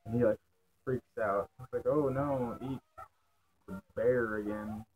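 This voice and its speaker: A man's voice: mid-range voice, steady tone, unhurried, music in the background, poor audio. A young man casually commenting while playing a video game, cursing freely, mocking himself and snapping at enemies in frustration. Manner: profane, self-mocking, easily frustrated. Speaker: let's play gamer.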